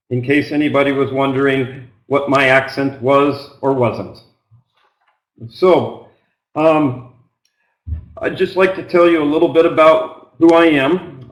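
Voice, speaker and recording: A middle-aged man from Oregon with a plain Pacific Northwest American accent, teaching an online business English trial lesson in a slow, unhurried way with frequent ums. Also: medium pitch, reverberant, poor audio. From Oregon, United States.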